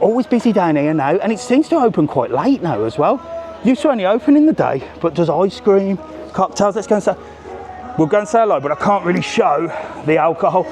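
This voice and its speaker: A man's voice: fairly high pitch, animated, normal speed, darkish tone, faint music behind. A middle-aged man with a cheeky, chatty manner, hosting a live walking vlog on a seaside promenade. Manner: cheeky, chatty, jokes with strangers. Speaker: travel vlogger.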